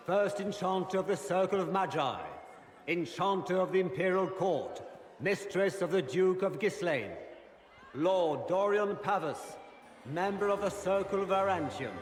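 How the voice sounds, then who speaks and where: An actor playing a pompous court herald who declaims guests' names and titles in a formal voice. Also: male voice, high-pitched. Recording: echoey hall with loud music.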